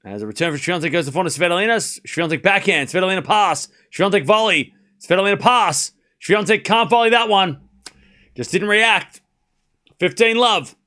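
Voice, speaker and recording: A man hosting a live tennis watchalong, giving informal play-by-play that rises to excited shouts on big points. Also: sits high, moderate pace. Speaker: host calling a live watchalong stream.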